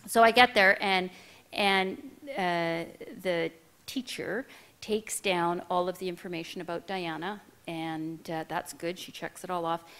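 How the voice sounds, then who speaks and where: A woman's voice: lowish voice, fairly even intonation, a little slow, a bit bright, clear, resonant tone. A middle-aged woman giving a speech, telling a personal story to an audience in a candid, self-deprecating way. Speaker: keynote speaker.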